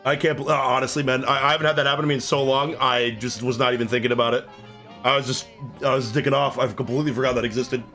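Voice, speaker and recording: A man's voice: mid-range voice, little pitch movement, fast, sharp tone, faint music behind. A man streaming a game live, swearing in frustration and chatting with his viewers. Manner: profane, exasperated, chatting with viewers. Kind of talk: live gameplay commentary.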